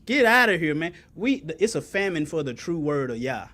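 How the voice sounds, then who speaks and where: High-voiced preacher calling out to the room. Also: male voice, very animated, moderate pace, sharp tone. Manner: call-and-response preaching, folksy vernacular, rising to emphatic peaks. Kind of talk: sermon.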